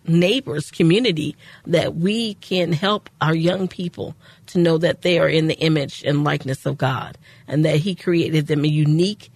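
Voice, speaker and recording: A woman co-hosting a faith-based radio talk show, speaking in a measured, affirming, preacherly way. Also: on the low side, breathy edge, dry recording.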